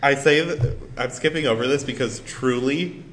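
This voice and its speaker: A man's voice: medium pitch, normal speed, fairly bright tone, a little hiss or hum. A man co-hosting a podcast in casual chat, making dry, sardonic asides. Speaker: podcast co-host.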